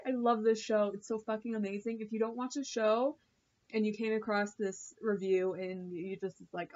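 A woman's voice: medium pitch, fairly even intonation, normal speed, darkish tone, dull audio. A woman vlogger reviewing a TV episode in a chatty, gushing way, full of fillers and swearing. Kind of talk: casual chat.

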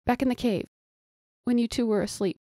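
A woman's voice: lowish voice, takes it slowly, gravelly, mellow, no echo, clean studio sound. A woman voicing a desperate young female captive, pleading breathlessly.

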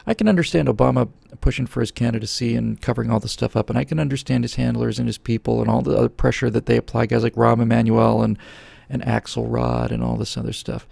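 A man's voice: medium pitch, fairly even intonation, quick pace, gravelly, darkish tone, no room sound. A middle-aged man hosting a show, answering viewer questions in a sarcastic, opinionated political rant close to a studio microphone. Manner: sarcastic, ranting, jumps into mocking voices.

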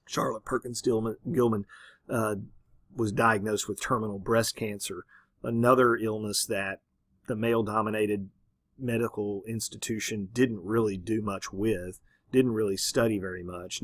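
A man giving a literature lecture in a conversational way, often asking "right?" and pausing on "um". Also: fairly low pitch, no room sound. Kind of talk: classroom lecture.

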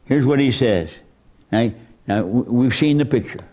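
Animated preaching man with lively pitch. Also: normal speed. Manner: animated preaching, voice surging high for emphasis. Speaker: pastor. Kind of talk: sermon. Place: church.

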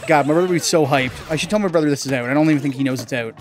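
A young man, a gaming channel host, giving casual gameplay commentary, chatty and excitable, swearing mildly and yelping when things go wrong. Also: very fast. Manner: excitable, bursts into high yelps and laughs at mistakes. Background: faint game music.

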